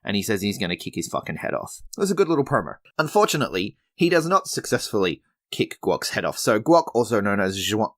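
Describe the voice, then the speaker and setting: A wrestling podcast host recaps episodes in a fairly low, sing-song, fairly bright voice, talking fast with hardly any pauses. His casual commentary is chatty and laid-back, with frequent restarts.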